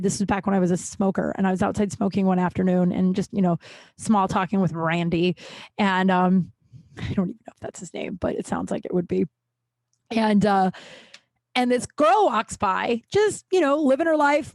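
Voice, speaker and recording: A woman's voice: mid-range voice, dry recording. A woman hosting a podcast in a casual monologue, blunt and profane, ranting and going off on tangents. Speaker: podcast host.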